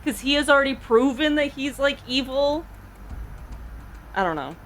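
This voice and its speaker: A woman's voice: high-pitched, animated, normal speed, a bit bright, slight background noise. A woman streamer in casual, giggly chat with her viewers.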